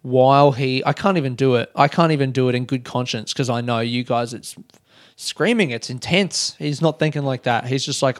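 An Australian man in his thirties, hosting a solo podcast, telling rambling, profane stories and acting out shouts. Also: medium pitch, fairly quick, no room sound, studio quality. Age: 30s. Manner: rambling, swears freely, acts out shouts. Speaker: podcast host. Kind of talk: casual solo storytelling.

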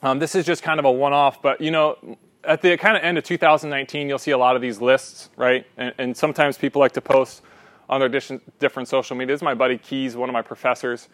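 A young man leading a teaching discussion, animated and often checking in with a quick "right?", sometimes restarting mid-sentence. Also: medium pitch, no echo. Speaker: class leader.

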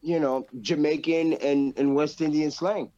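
A man's voice: on the high side, fairly even intonation, a little slow, mellow. A man co-hosting a casual podcast, talking animatedly in slang, swearing heavily and peppering his talk with "bro" and "yo". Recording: dull lo-fi sound.

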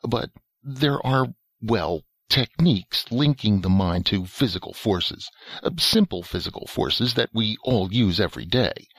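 A man voicing a small, wary man who confides that he has secret powers, in a halting, rueful way. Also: fairly low pitch, husky, no echo, studio quality. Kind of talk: audiobook character voice.

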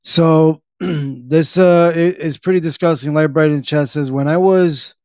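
Rambling man podcast host, dark voice. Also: on the high side, fairly even intonation, unhurried, clean tone, dry recording, clean studio sound. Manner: rambling, filler-heavy, joking with chat. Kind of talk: casual chat reading chat and articles.

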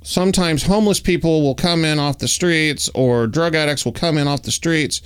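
A man's voice: normal speed, clear, resonant tone. A man telling a personal story in casual chat, acting out the dialogue and talking with lots of fillers. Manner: animated, acts out dialogue with raised pitch; uses many fillers like "like" and "you know".

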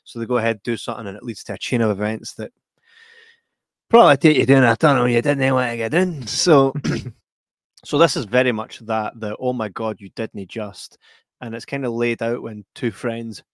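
Scottish male podcast co-host, mid-pitched, rambling and casual, dry close mic. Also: normal speed, dry recording. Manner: rambling, self-interrupting storyteller. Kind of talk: casual film review chat.

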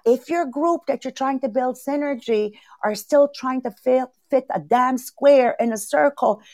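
Host: woman, higher voice, dry close mic, emphatic coaching talk. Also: darkish tone, no echo. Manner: emphatic, repeats words for stress, many fillers. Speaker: podcast host, leadership coach. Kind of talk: motivational teaching talk.

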